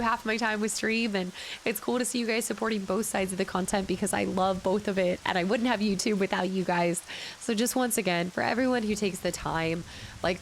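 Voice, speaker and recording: A woman's voice: medium pitch, slight background noise. A woman game streamer with a sick-sounding voice, chatting casually and thanking her viewers by name at the end of a stream. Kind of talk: casual stream sign-off chat.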